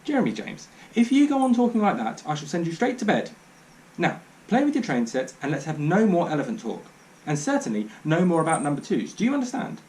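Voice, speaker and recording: A man's voice: on the high side, huge pitch swings, brisk, a little mellow. A man voicing a stern, harried mother who talks sharply and scolds. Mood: scolding.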